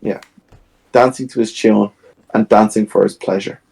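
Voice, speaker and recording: Guy with a low gravelly voice on a podcast mic, chatting about a movie, acts out bits of scenes. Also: normal speed, low-quality recording. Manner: animated retelling, acts out scenes. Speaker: podcast co-host. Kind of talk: casual film discussion.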